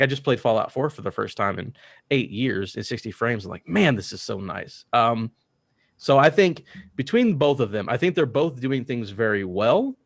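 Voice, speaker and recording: A man's voice: medium pitch, no room sound, clean studio sound. A man co-hosting a gaming podcast, rambling enthusiastically while a bit drunk. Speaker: podcast co-host. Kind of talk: casual chat.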